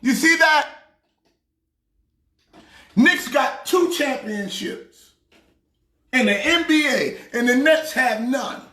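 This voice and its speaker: A man playing a loud, excitable pastor ranting about sports teams. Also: very high voice, slow pace, pauses often, reverberant, full character voice. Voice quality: preachy, shouting rant. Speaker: comedic sports pastor character. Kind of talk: comedic sports rant.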